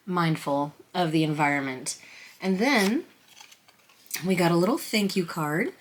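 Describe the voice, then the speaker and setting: A woman unboxing a tarot deck on camera at her table, excited, flustered and emotional, rambling with restarts. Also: on the low side. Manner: emotional, close to tears. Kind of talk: casual chatty unboxing. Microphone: camera on a stand at a table.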